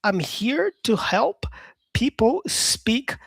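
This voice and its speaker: A man's voice: very high-pitched, big pitch swings, very slow, vocal fry, fairly bright tone, breathy edge, no room sound. A man teaching English, talking casually to viewers and stressing his points by restating them in new words. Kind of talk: casual explanatory talk to viewers.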